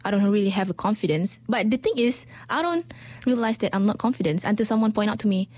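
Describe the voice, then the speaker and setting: A woman's voice: medium pitch, quick pace, darkish tone, no echo. A woman in casual conversation, giving short affirmations and speaking in simple, slightly non-native phrasing. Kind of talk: casual chat.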